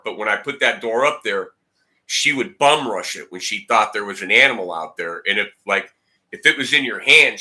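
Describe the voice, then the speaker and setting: Man, rambling storyteller, repeats himself, bright tone, slightly low voice. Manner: rambling, repeats words, acts out dialogue. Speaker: guitar channel host. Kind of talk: casual storytelling. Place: home, indoors.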